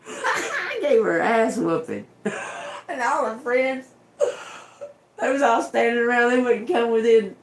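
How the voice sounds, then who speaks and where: A woman's voice: a little high, sing-song, slow pace, long pauses. A middle-aged woman telling a story in casual chat, swearing freely and breaking into laughter. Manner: profane, laughs often while telling. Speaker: tarot reader and channel host.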